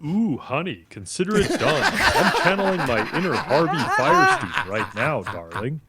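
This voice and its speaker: A text-to-speech male voice putting on a flamboyant, campy gay man with a gravelly rumble. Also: wildly swooping pitch, over a noisy crowd. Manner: camp, drawn-out endearments.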